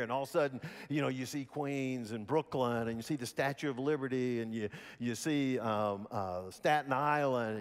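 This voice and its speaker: In a church sanctuary, a pastor with a Southern American accent from Alabama preaches a sermon, telling it in a folksy, storytelling way with lively voiced quotes. His pitch is medium, and the sound fills a big room.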